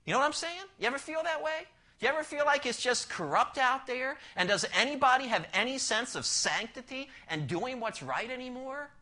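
A man preaching an expository sermon, asking the listeners rhetorical questions and swinging from loud emphasis down to a near-whisper. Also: very high-pitched, animated, a little fast.

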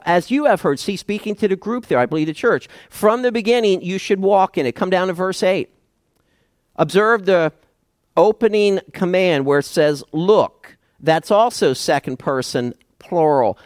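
Male pastor, expository sermon, slow measured delivery, slightly high voice, dry close sound. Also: no room sound. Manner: deliberate, emphatic, often quotes verses aloud.

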